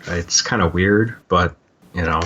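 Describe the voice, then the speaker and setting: Male co-host, very deep voice, rambling chatty delivery, dull lo-fi sound. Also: a little slow, bright, forceful tone, slight background noise. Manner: rambling, many fillers and restarts. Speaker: podcast co-host. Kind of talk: casual book-club discussion.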